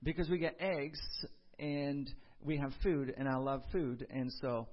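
Guy preaching, tells a funny story then gets fired up, kinda high voice, dull lo-fi audio. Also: a little slow. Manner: animated storyteller with comic asides, rising to preaching emphasis. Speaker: pastor. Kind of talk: sermon with a personal story.

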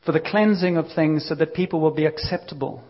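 Lively preacher, lo-fi recording. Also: male voice, a little high, fairly quick. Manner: lively, conversational storytelling with acted-out quotes. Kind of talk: sermon.

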